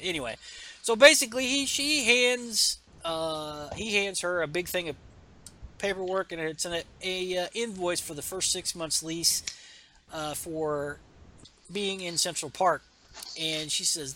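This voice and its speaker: Host: man, bright and slightly high voice, rambling comic recap, faint hiss behind. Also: unhurried. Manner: rambling, reads dialogue in a plain voice with fillers. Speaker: comic book podcast host. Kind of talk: casual chat reading comic panels aloud.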